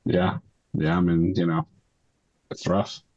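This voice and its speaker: A man's voice: deep voice, flat delivery, takes it slowly, darkish tone, dull audio. A male player in a tabletop game, speaking hesitantly with many fillers.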